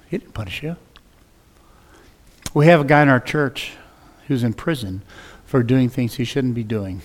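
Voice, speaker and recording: A man preaching a sermon as a pastor, telling stories with lively acted-out dialogue. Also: medium pitch. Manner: animated, acts out dialogue in his stories. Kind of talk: storytelling sermon. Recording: long reverb of a large hall.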